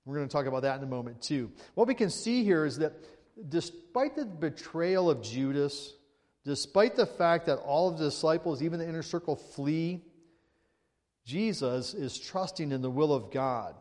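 A man's voice: a little high, lively intonation, moderate pace, darkish tone. Man preaching in a reverberant hall, slightly raised voice, asks listeners questions. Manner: conversational preaching with rhetorical questions. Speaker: pastor. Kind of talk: sermon.

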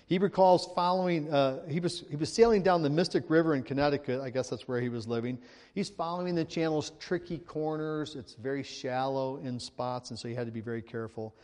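A pastor delivering a conversational sermon, tossing in quick tag questions and pushing up for emphasis. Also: male voice, a little high, a little mellow. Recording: long hall reverb.

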